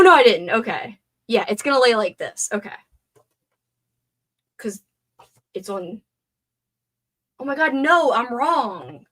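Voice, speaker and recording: Lively chatty woman crafting on a livestream. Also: fairly high pitch. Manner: chatty, talks to herself, mildly swearing. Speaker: livestream host. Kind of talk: casual livestream chat while crafting.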